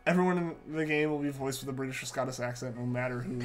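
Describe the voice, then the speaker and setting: A young man streams a game live, talking casually with viewers at a quick pace in a mid-range voice. Soft music plays in the background, he often repeats himself, and his voice is congested from a recovering sore throat.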